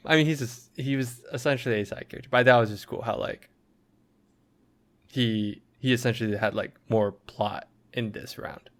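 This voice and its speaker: A man with a medium-pitched voice speaks at a moderate pace. He's co-hosting a casual podcast, chatting in a loose, rambling way packed with fillers.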